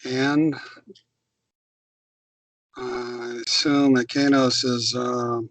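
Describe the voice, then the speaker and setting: Slow careful male student. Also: mid-range voice, flat delivery, fairly bright tone, dry recording, low-quality recording. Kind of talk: reading and translating in class.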